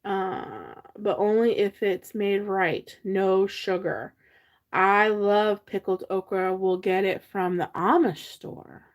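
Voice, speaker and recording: A woman's voice: medium pitch, a bit bright. A chatty woman hosts a casual livestream. She talks easily with her viewers, reads their comments aloud and laughs often as she goes. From Pennsylvania. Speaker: livestream host.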